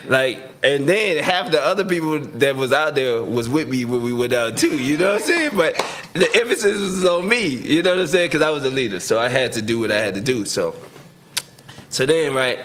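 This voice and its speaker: Slangy man telling a lively story. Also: mid-range voice, brisk, slight background noise. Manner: animated, laughs while telling stories; slangy, lots of "right?" and "you know what I'm saying". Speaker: guest, pro football receiver. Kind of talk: casual storytelling.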